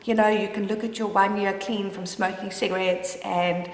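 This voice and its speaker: A woman's voice: mid-range voice, little pitch movement, moderate pace. Open, rambly woman talking about her own life as a mom, lots of restarts, echoey room. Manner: candid, rambling, with frequent restarts. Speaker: mother sharing her story. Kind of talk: personal confessional vlog. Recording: roomy with long reverb.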